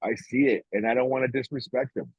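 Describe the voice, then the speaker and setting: A man's voice: mid-range voice, fairly even intonation, fast talker, husky, no room sound. A man talking casually on a podcast, blunt and profane, often emotional and restarting his sentences. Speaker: podcast co-host. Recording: dry, tinny phone-like sound.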